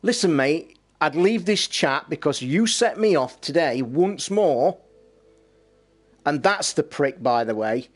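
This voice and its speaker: A man's voice: fairly high pitch, animated. Blunt sweary East Midlands man. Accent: East Midlands English. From England. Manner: blunt and sweary, quick to anger. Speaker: live streamer. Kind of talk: casual live-stream chat.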